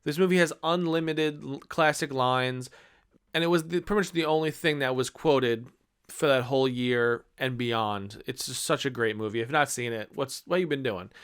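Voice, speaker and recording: A man's voice: medium pitch, moderate pace, fairly bright tone, clear, resonant tone. A man in his thirties giving a casual, enthusiastic movie review, rambling with many fillers. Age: 30s.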